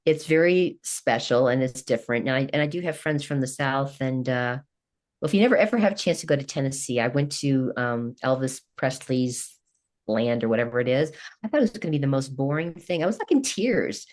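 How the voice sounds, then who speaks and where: Low-voiced chatty woman from Kentucky. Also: expressive, a little fast, darkish tone. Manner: chatty, rambling, laughs often. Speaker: guest coach. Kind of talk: casual interview chat.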